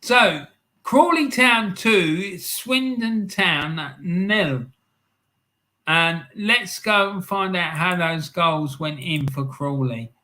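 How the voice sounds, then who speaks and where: A male stream host chats through the afternoon's football results at an unhurried pace. His voice is bright and slightly higher than most men's. He reads viewer comments aloud with excitable asides. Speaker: live stream host reading football scores and chat. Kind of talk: casual live-stream chat.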